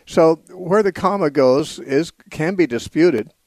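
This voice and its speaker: A man hosting a call-in radio show, explaining scripture in a measured, patient way with frequent "uh" pauses. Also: a little high, darkish tone, no room sound. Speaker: radio call-in host and Bible teacher. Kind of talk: unscripted call-in radio teaching. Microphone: studio microphone.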